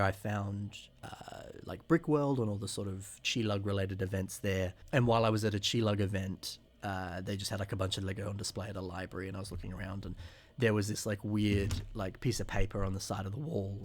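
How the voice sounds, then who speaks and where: A man in his twenties chatting casually as a podcast co-host, telling long rambling stories and acting out remembered quotes, clearing a rough morning throat. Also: on the low side. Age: 20s. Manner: rambling storyteller who acts out remembered quotes. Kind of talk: casual chat.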